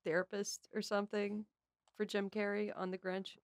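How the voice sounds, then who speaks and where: A woman's voice: mid-range voice, flat delivery, normal speed, dry recording, studio quality. A woman comedian guest on a podcast, chatting casually, rambling and laughing often. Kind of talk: casual chat.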